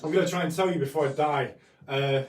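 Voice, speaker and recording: A man's voice: fairly high pitch, steady tone, fast talker. A man hosting a live painting stream, chatting casually with a self-deprecating, apologetic manner. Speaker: painting livestream host. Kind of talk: casual live art demonstration. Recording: echoey room, mic at a distance, faint music. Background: faint background music.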